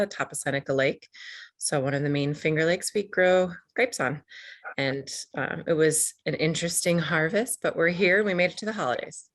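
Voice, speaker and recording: A woman winemaker talking in a relaxed, practical way from home over a video call. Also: low-pitched, no echo. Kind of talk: casual guest talk.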